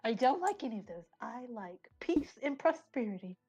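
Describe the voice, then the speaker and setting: A woman's voice: a little high, big pitch swings, moderate pace, dark tone, breathy edge, muffled recording, exaggerated voice. Woman voicing a tiny stern goblin cleric, blunt and accusing, music underneath.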